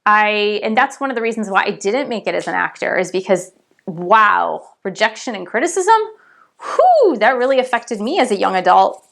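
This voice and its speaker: A chatty woman speaking straight to her viewers in a casual vlog. Her pitch sits in an ordinary middle range, and her delivery is animated and direct. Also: moderate pace, vocal fry. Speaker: spiritual coach and YouTuber.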